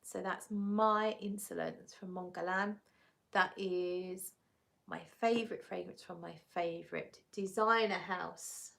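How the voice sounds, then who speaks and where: Slow and creaky yet fairly bright, this English woman's lowish voice keeps a fairly even intonation as she hosts a relaxed perfume-review livestream. She chats away, reading out viewers' comments and responding to each.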